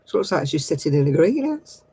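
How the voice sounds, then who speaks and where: Husky, chatty woman. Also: deep voice, big pitch swings, a little fast, warm tone, rough recording. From northern England. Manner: chatty, laughs often, homely exclamations. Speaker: craft livestream host. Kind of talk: casual chat with viewers.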